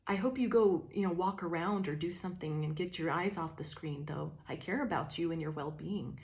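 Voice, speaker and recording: A woman's voice: lowish voice, brisk, a little mellow. Casual profane woman tarot reader. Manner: laid-back, profane, drawling with fillers. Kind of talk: casual channeled tarot reading.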